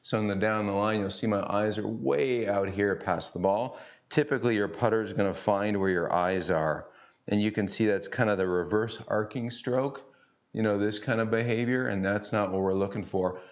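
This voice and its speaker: Folksy middle-aged golf coach, low voice. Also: male voice, moderate pace. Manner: folksy, chatty, jokey asides. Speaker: golf instructor. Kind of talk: on-course instruction. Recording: dull lo-fi sound.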